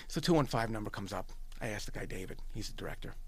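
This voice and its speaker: A man's voice: fairly low pitch, lively intonation, quick pace, slightly rough. A middle-aged man from New York with a New York accent, telling a story as a podcast guest, emphatic and repeating himself, quoting dialogue. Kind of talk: animated storytelling.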